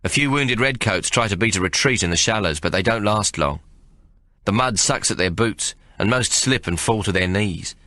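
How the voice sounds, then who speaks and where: A man narrating an audiobook in the first person, in a rough working-class storyteller's dialect. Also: on the low side, normal speed, pushed and bright, dry recording, clean studio sound.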